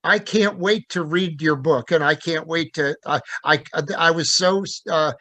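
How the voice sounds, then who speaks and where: A man's voice: a little high, measured pace, pushed and bright. A male host with a slightly raised voice speaks eagerly and trips over his own words. He sounds a little farther from the mic than his guest.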